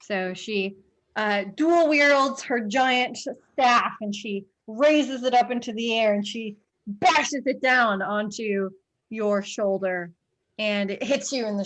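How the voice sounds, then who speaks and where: A woman narrating as game master of a tabletop game, laughing often and pausing on fillers as she describes the action. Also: mid-range voice, fairly bright tone. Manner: unhurried, giggly, halting with fillers.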